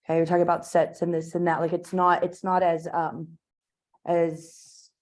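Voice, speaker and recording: A woman lectures a math class in a classroom, her voice sitting a little low. She talks in a chatty, informal way, full of fillers and side remarks to the students. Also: level tone, normal speed, darkish tone. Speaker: math teacher.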